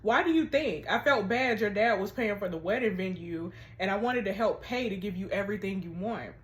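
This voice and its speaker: A sheepish young fiancé who makes excuses and shrinks from blame, read out by a woman. He sounds defensive and quiet, pitched low. This is a story read aloud from text messages. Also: expressive, fairly quick, close to an everyday voice. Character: young man, guilty, evasive fiancé.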